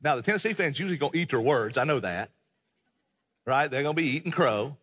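Bright emphatic preacher man. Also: mid-range voice, animated, quick pace, breathy edge. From American South. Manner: emphatic, repetitive, conversational preaching with many restarts. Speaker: pastor. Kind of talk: sermon. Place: church sanctuary. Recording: long reverb of a large hall.

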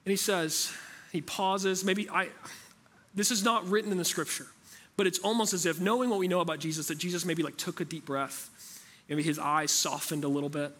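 A man's voice: high-pitched, fairly even intonation, brisk, a bit bright. A man preaching a sermon as pastor, talking in a conversational way and asking the room rhetorical questions.

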